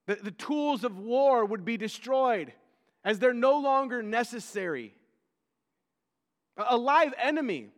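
A man's voice: very high-pitched, lively intonation, measured pace, long pauses. A male pastor preaching a sermon in a conversational way, often repeating words and acting out the figures he quotes. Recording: long hall reverb.

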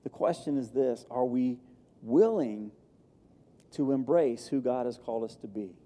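Man preaching with a dark, warm voice. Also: medium pitch, a little slow. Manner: emphatic, repetitive preaching cadence. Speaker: pastor. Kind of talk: sermon. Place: church sanctuary. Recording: long hall reverb.

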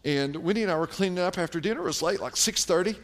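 A man's voice: high voice, fast. A middle-aged man preaching a sermon as pastor, emphatic and putting questions to the congregation.

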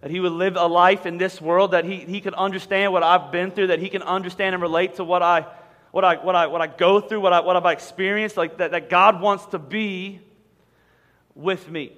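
A man's voice: high-pitched, fairly even intonation, normal speed, fairly bright tone. A man preaching a sermon to a church audience, talking conversationally with frequent repeated words and humorous asides. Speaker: pastor. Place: large church auditorium. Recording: long hall reverb.

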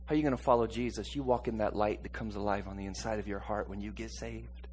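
A man preaching a sermon, swinging between hushed, slow passages and loud, high-pitched outbursts, with frequent chuckles and calls for the congregation to repeat after him. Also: steady tone, slight background noise.

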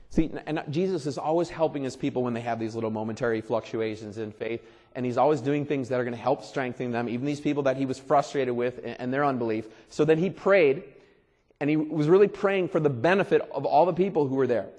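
A pastor preaching a sermon in a conversational way, repeating phrases and swelling loud for emphasis. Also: male voice, mid-range voice, fast. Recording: long reverb of a large hall.

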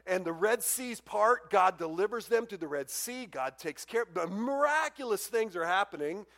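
High-voiced pastor preaching. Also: male voice, moderate pace. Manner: animated, acts out quoted complaints in a raised voice. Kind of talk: sermon.

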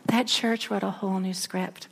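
A woman giving a sermon, telling a story and dropping to a soft near-whisper at emotional moments. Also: medium pitch, steady tone, normal speed, creaky, husky. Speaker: speaker. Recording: echoey long reverb of a large room.

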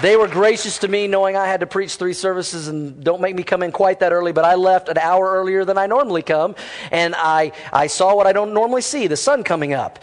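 A middle-aged man preaching a sermon to his church, lively and conversational with quick casual asides. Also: high-pitched, long reverb tail, some chatter behind. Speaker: pastor.

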